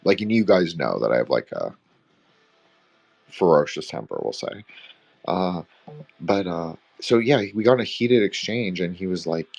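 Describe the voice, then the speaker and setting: A man's voice: low voice, lively intonation, normal speed, creaky, long pauses, darkish tone. A young man from Canada, co-hosting a podcast roundtable in a rambling, profane, filler-heavy casual chat. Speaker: podcast co-host.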